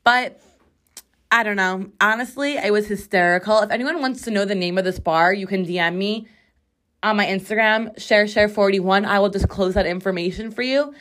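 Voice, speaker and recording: Sitting on a bathroom floor, this podcast host chats casually with her sister. Her mid-range voice is fairly bright, and as a young adult woman she comes across bubbly, full of jokes, and eager to promote her social media.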